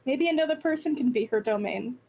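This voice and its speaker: A woman's voice: high voice, expressive, a little fast, creaky, warm tone. Thoughtful woman tabletop player. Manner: thoughtful, with many fillers. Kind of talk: casual chat.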